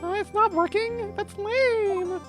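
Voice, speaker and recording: A woman's voice: very high-pitched, takes it slowly, over music, voice pushed up. A woman voicing a bubbly teenage girl, a playful younger sister, who talks in a valley-girl drawl full of "like".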